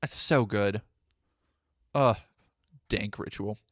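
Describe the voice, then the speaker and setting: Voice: mid-range voice, slow pace, no echo. A streamer talking casually to chat while reacting to videos, swearing freely and thanking donors. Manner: profane, animated, chatty. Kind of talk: casual live-stream commentary.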